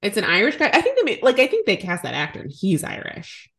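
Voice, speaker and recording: Animated, sarcastic young woman. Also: medium pitch, fast. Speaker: podcast co-host. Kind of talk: casual chat recapping a movie.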